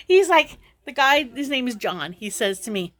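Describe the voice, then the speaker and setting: A woman's voice: high-pitched, fairly bright tone. Chatty middle-aged woman who laughs often. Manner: rambling, laughs through her frustration. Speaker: vlogger. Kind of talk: casual vlog chat.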